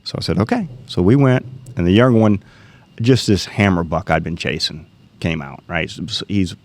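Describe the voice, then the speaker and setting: A middle-aged man tells a story in a casual, animated way, voicing the people in it. His voice sits very low, with a rough gravelly edge. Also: normal speed. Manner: animated storyteller, acts out quoted dialogue. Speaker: guest telling a hunting story.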